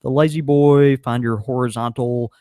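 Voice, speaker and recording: A man's voice: mid-range voice, normal speed, no echo, clean studio sound. A man co-hosting a podcast in casual chat, rambling with lots of fillers. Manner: rambling, many fillers, animated. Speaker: podcast co-host.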